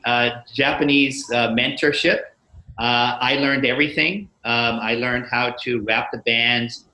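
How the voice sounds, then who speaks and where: A man in his sixties, from the United States, telling a story as an interview guest in a measured way, with frequent pauses and fillers. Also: medium pitch, bright, forceful tone, reverberant, rough recording.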